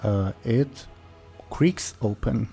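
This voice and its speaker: A man's voice: fairly low pitch, drawn-out words, creaky, mellow, faint music behind. A man running a tabletop game as game master, hesitant and full of fillers.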